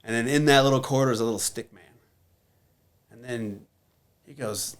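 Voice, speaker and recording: A man's voice: medium pitch, normal speed, long pauses, smooth. Blunt, profane man telling a story. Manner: blunt, profane, many filler words. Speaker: guest. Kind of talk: candid conversational storytelling.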